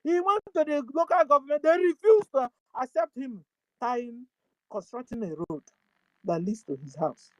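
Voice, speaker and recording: A woman's voice: sits high, lively intonation, normal speed, dry recording, low-quality recording. A woman with a Nigerian accent giving impassioned commentary as an activist, pleading and firing off rhetorical questions, at times switching into prayer.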